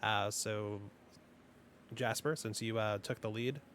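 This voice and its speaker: A man's voice: fairly low pitch, fairly even intonation, a bit bright. Man, game master, tabletop game, rambling, filler-heavy, faint background noise. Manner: rambling, filler-heavy explaining, bursts of fast speech.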